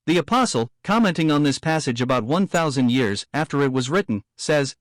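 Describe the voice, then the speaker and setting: A man reading a theological book aloud in a steady, measured, formal way. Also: on the high side, no echo, studio quality. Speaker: audiobook reader.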